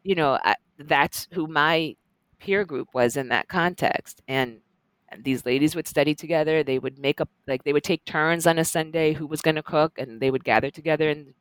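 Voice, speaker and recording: A middle-aged woman professor telling stories in a lively, animated way as an interview guest. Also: low voice, moderate pace, clean tone, no room sound. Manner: lively, animated storyteller with laughs. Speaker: guest, professor and journal editor. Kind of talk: conversational interview storytelling.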